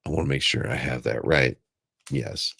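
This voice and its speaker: Hoarse guy with a cold chatting on his livestream, super deep gravelly voice, dry sound. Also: expressive, moderate pace, fairly bright tone, dry recording. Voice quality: raspy, gravelly. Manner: chatty, thanks viewers, sings along. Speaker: livestream host. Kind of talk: casual livestream chat.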